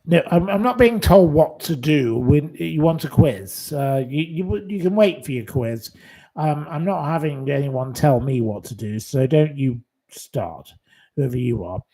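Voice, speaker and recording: A man's voice: a little high, expressive, unhurried, dark tone. A man hosting a live stream, indignantly scolding commenters in blunt, profane, repetitive retorts. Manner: repeats short dismissals.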